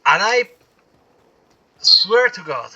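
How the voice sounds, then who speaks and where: A man's voice: high voice, big pitch swings, drawn-out words, bright, forceful tone, slightly rough, dull audio. A man giving rambling, opinionated commentary while he plays a video game, often restarting his sentences. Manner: opinionated, meandering monologue with restarts. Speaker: gaming streamer.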